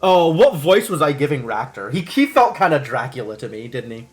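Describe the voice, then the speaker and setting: Animated, chatty young male streamer. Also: medium pitch, a little fast. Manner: animated, chatty, laughs often. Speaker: streamer playing a video game. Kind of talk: casual live-stream commentary.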